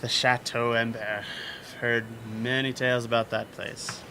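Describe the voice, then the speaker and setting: Affable tavern barkeep, bright-toned and chatty , as a game master puts him on. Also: male voice, medium pitch, flat delivery, moderate pace, slight background noise. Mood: friendly. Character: ordinary human male barkeep, affable.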